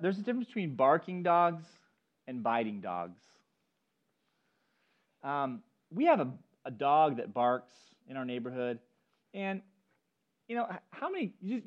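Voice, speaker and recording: A man's voice: a little high, dull audio. A man preaching a sermon, telling stories and speaking directly to the congregation and its children. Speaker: pastor. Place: church service.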